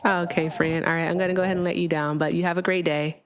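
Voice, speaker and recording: A woman's voice: on the low side, little pitch movement, fast talker, clean tone. A woman hosting a live call-in stream, talking casually with a sarcastic, chatty manner and lots of fillers. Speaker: livestream host.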